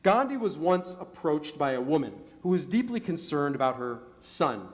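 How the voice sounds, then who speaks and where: High-voiced man preaching a sermon. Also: big pitch swings, moderate pace. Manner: storytelling with rhetorical questions, rising emphasis. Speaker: rabbi. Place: synagogue sanctuary.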